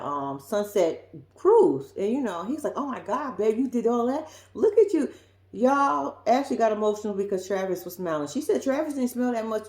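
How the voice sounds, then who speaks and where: A woman talks through a reality show episode with blunt, sassy, profane asides. Her pitch jumps around a lot. The room around her is echoey. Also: mellow. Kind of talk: casual reality-show recap. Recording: roomy echo.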